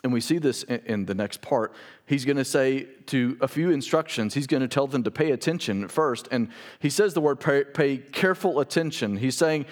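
A man preaching a sermon as pastor, earnest and emphatic, repeating words and dropping to a quiet voice for emphasis. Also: mid-range voice, normal speed.

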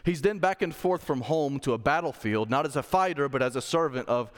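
A pastor preaches in an easygoing, conversational manner, dropping slang asides and then building to emphatic declarations. His voice sits at a middle pitch for a man. It rings out with a long reverb from the church room around him. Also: lively intonation, a little fast. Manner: rises to emphatic intensity when making a point. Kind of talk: sermon. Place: church sanctuary.

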